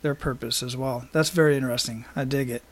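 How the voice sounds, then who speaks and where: A man's voice: mid-range voice, fairly even intonation, fast talker. A man hosting an interview, affirming his guest and thinking aloud with restarts. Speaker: podcast host. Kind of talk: conversational interview.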